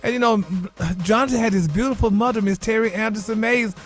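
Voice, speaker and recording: A man's voice: sits high, fairly even intonation, a little fast. A man delivering a sassy, flamboyant celebrity gossip segment on morning radio, calling everyone honey and baby.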